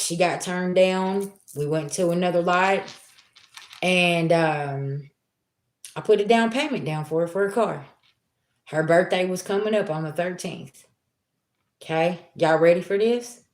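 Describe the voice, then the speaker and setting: A middle-aged tarot reader talks candidly and from the heart to her livestream viewers, streetwise and swearing freely in casual chat. Her voice is lowish, and the sound is roomy.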